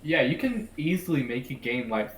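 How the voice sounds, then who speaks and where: A man's voice: medium pitch, big pitch swings, normal speed, slight background noise. A man, an indie game developer, giving short, hesitant interview answers full of fillers. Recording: echoey room, heard from far off.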